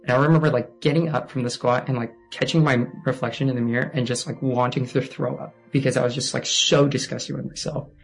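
A young man giving a halting, subdued personal testimony, full of fillers and often sinking to a near hush. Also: mid-range voice, fairly even intonation, gravelly, soft background music, low-quality recording. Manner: halting and hesitant, heavy with fillers.

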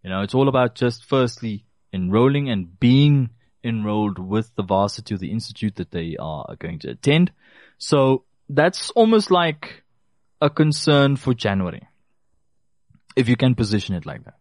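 A man's voice: medium pitch, lively intonation, normal speed, a little mellow, no echo, studio quality. A man giving consumer advice, talking directly to listeners and repeating key phrases for emphasis. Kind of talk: casual advice talk to listeners.

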